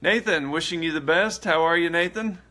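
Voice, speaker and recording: A man's voice: on the high side, normal speed, bright, forceful tone. A man hosting a casual livestream, chatting in a rambling way and laughing often. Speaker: livestream host.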